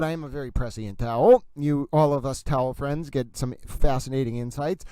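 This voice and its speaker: Male stream host, animated and chatty, smooth resonant tone. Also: medium pitch, fairly quick, hardly any pauses, dry recording. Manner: chatty, reads viewer comments aloud; animated and gossipy, laughs while reading. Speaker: livestream host discussing a court ruling. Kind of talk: casual livestream commentary.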